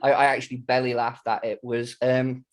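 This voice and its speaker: A middle-aged British man co-hosting a podcast in casual chat, animated, laughing often and acting out quotes. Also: medium pitch, moderate pace. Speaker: podcast co-host.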